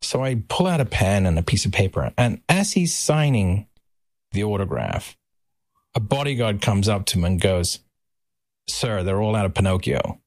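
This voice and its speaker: A man telling a story as a podcast guest, animated and acting out voices. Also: fairly low pitch, moderate pace, no echo, studio quality. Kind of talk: anecdotal storytelling.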